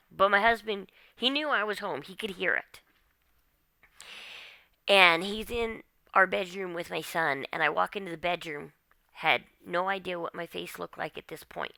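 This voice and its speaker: A woman's voice: medium pitch, creaky, pushed and bright, dry recording. A woman vlogger recounting a frightening personal story in a tense, casual monologue, with lots of fillers like "like" and "okay?". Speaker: vlogger telling her own story.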